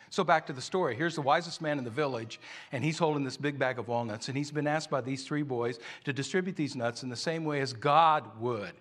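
A man's voice: mid-range voice, a bit bright. A man preaching a sermon, telling a story in a conversational way.

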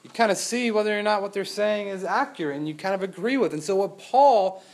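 A young man serves as pastor, delivering a sermon in a high, gravelly voice at a quick pace. His style is conversational and animated, full of rhetorical questions to the room and acted-out quotes.

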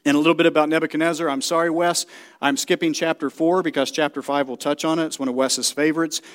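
Fairly high-voiced preacher checking in often. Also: male voice. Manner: direct, repeatedly checks in with the congregation. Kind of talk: sermon. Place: church.

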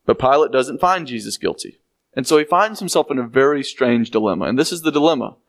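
A man's voice: lively intonation, quick pace. A man teaching through a Bible passage verse by verse, explaining and emphasizing points, at times acting out the quoted speakers. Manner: explanatory, emphatic, acts out quoted speech with rising pitch.

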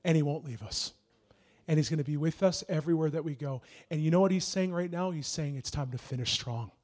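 A young man preaching a sermon, earnest and encouraging, building into shouted prophetic declarations. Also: fairly high pitch, brisk.

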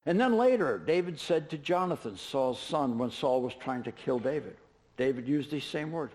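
A man's voice: mid-range voice, expressive, normal speed, darkish tone. A man preaching a sermon, retelling scripture in a casual, storytelling way with offhand asides. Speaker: pastor.

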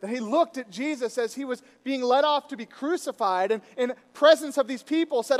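A man preaching a sermon to his congregation, telling a story with lively, rising emphasis. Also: very high voice, brisk. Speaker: pastor. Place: church sanctuary. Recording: reverberant hall.

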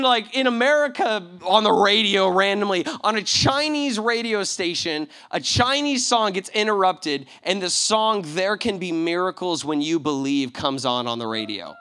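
A man preaching from the pulpit with a bright, forceful voice. His pitch sits a little high for a man. He tells his story with animated energy and acts out the people in it. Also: normal speed, smooth. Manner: animated storyteller acting out quoted voices, swinging from loud to hushed. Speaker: pastor. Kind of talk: sermon storytelling.

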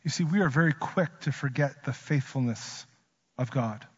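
A male pastor preaching a sermon, swinging from quiet slow emphasis to loud, urgent rises. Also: mid-range voice, breathy edge. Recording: dull audio with long hall reverb.

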